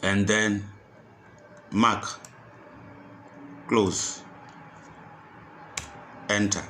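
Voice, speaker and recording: Male tutor, low voice, unhurried, repeats each click aloud, faint hiss behind. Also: steady tone, a bit bright. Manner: repetitive step-by-step instructions, restating each step. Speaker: computer skills tutor. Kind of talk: screen-recorded software tutorial.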